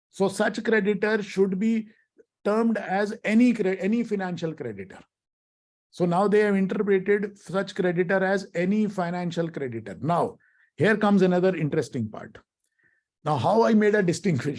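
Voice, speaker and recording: A man's voice: sits high, darkish tone. A middle-aged man giving a law lecture, asking the audience questions and addressing them as friends. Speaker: workshop speaker, lawyer.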